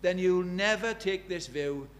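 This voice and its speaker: Man, preacher, sermon in church, slightly high voice, emphatic, rhetorical questions, loud-to-hushed swings. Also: measured pace.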